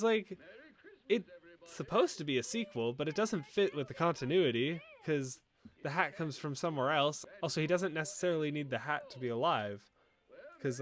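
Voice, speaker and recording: A man's voice: on the high side, a bit bright. A young man hosting a casual commentary video, rambling and joking with mock-indignant asides.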